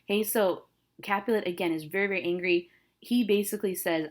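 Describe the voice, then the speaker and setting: A woman teacher talks through a classic play for her students, reading lines and then restating them in everyday words. Her delivery is casual and conversational, with frequent checks for understanding. Her voice sits at an ordinary middle pitch. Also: a little fast. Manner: reads lines aloud then paraphrases casually, frequent "okay?" and "right?". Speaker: English teacher.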